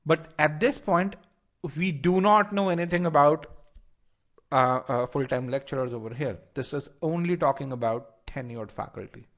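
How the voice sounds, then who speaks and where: Speaking at an even pace, the instructor's voice sits on the higher side with a somewhat bright quality. He leads a live test-prep class online, talking right to his students, with plenty of repeated words and false starts.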